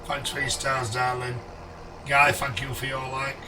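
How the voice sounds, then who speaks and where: A man live-streaming a game, greeting viewers by name in a chummy way, his voice going a little hoarse. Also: mid-range voice, completely flat delivery, a little slow, far from the mic, noisy background.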